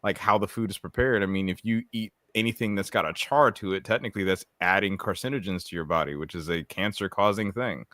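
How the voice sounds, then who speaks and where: A young man chatting casually as a podcast co-host, his voice sitting a bit low but sounding bright and forceful. He laughs easily and jumps up in pitch when something amuses him. The sound is close and dry. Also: brisk, hardly any pauses, dry recording. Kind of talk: casual chat.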